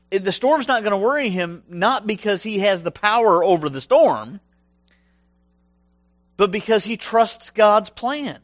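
Animated high-voiced male preacher. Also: dry recording. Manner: animated, humorous, acts out biblical voices. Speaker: pastor. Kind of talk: sermon.

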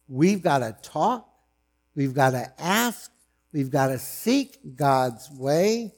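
A man preaching a sermon, swinging from loud, emphatic lines to hushed, low asides.

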